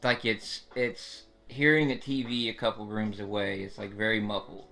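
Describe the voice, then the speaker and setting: A man's voice: fairly low pitch, level tone, normal speed, creaky, sharp tone, faint music behind. A man chatting casually on a live stream, rambling with lots of restarts and fillers. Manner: rambling, restarts, frequent "like" and "you know". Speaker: streamer describing his experience.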